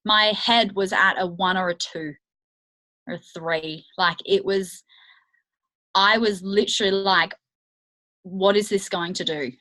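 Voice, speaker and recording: A woman's voice: mid-range voice, fairly even intonation, unhurried, long pauses, pushed and bright, low-quality recording. A woman coaching her team on a video call, talking candidly and chattily with many fillers. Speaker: network marketing coach. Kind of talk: motivational team training call.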